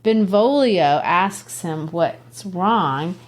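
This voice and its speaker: A woman's voice: on the low side, expressive, extremely slow. A woman from Brazil, hosting a podcast and explaining a classic play in a chatty way with asides. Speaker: literature teacher and podcast host. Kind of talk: conversational literature lesson.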